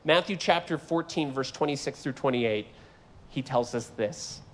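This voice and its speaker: A man preaching a sermon in an animated, joking way, acting out voices from the scripture he reads. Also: medium pitch, normal speed. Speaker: guest preacher.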